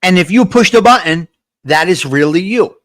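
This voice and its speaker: A man's voice: sits high, expressive, moderate pace, fairly bright tone, dry recording, clean studio sound. A man hosting a live morning coffee chat, talking straight to his viewers in a motivational, repetitive way and reading out their comments. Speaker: livestream host.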